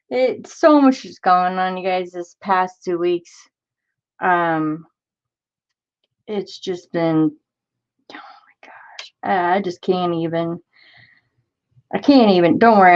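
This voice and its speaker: A woman's voice: fairly low pitch, slow pace, long pauses, highs cut off. A woman in her forties hosting a crafting livestream, chatting in a rambling way and greeting viewers by name as she reads their comments. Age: 40s. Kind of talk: casual live-stream chat.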